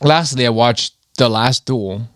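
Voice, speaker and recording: A man on a podcast, talking casually at a mid-range pitch. He rambles, restarts his sentences and laughs between thoughts. The sound is dry and close, with no room echo. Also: measured pace, fairly bright tone. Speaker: podcast co-host. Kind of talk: casual chat.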